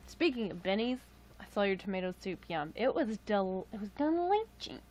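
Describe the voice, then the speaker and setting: A woman's voice: mid-range voice, normal speed, a little mellow. A young woman casually chatting on a livestream, rambling with lots of fillers and self-deprecating asides. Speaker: livestream host.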